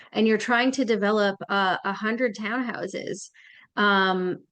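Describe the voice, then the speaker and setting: A woman hosting a podcast, asking questions and reflecting aloud in a conversational interview. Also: mid-range voice. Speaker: podcast host.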